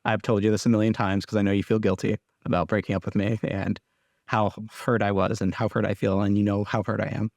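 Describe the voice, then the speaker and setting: A young man hosting his own podcast, talking candidly and haltingly, with frequent restarts and casual swearing. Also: on the low side, flat delivery, vocal fry, a little mellow, dry recording, studio quality. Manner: rambling, halting, restarts often. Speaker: podcast host. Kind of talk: candid personal podcast monologue.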